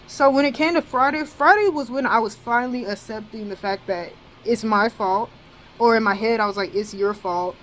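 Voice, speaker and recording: A woman's voice: fairly high pitch, brisk, a little hiss or hum, low-quality recording. A young woman in college telling a storytime vlog in casual, slangy speech, full of cursing and fillers like "bro.". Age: young adult. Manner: slangy, profane and animated, with many fillers like "bro" and "dead ass".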